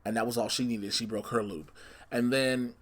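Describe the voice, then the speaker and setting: A man hosts his podcast alone, talking loosely and a bit scatterbrained. He stops to fix his own slips, then leans in like he is sharing a secret with friends. His voice sits in an ordinary middle pitch. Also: steady tone, normal speed. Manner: scattered, self-correcting, chatty, teasing listeners with spoilers. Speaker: podcast host. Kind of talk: casual solo podcast recap.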